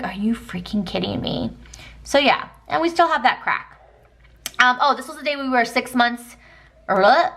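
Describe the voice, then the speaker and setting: Bright-voiced chatty woman vlogger. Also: fairly high pitch. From Texas, United States. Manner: chatty, rambling, with many ums and likes. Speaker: planner vlogger. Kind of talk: casual planner flip-through chat.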